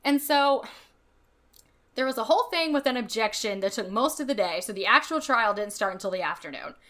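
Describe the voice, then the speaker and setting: A woman's voice: a little high, a bit bright. Chatty woman podcast host. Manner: chatty, filler-heavy, reads quotes aloud. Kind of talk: casual podcast storytelling.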